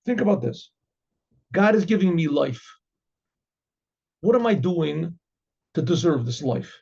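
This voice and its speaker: Chatty rabbi, husky mellow voice. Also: male voice, on the high side, sing-song, unhurried. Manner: chatty, acts out both sides of an inner dialogue; repeats and restarts phrases, reads Hebrew then translates. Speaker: rabbi teaching a class. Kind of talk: informal Torah lesson. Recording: dull lo-fi recording.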